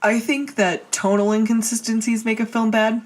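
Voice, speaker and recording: A woman's voice: on the high side, level tone, normal speed. A young woman co-hosting a casual movie podcast, teasing and laughing often. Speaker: podcast co-host. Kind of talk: casual chat. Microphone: USB microphone.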